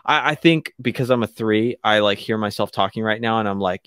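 A man telling a candid, emotional personal story as a guest on a radio talk show, halting often and restarting his sentences. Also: fairly low pitch, a bit bright, smooth, dry recording, clean studio sound. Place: radio studio.

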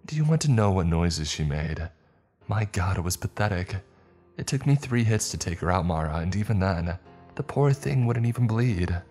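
A man's voice: low-pitched, animated, moderate pace, a little mellow, soft background music, pitched above the performer's own voice. Give me a man putting on a cruel, taunting teenage girl with a giggle in her voice. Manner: taunting, giggling, sing-song menace. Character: gleeful psychopathic teenage girl, cruel and mocking.

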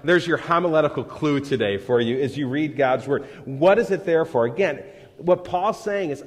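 A man's voice: on the high side, normal speed. A man preaching a sermon in a church, talking in a conversational way and rising into dramatic scripture readings. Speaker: pastor. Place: church sanctuary. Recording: live sermon in a large reverberant hall.

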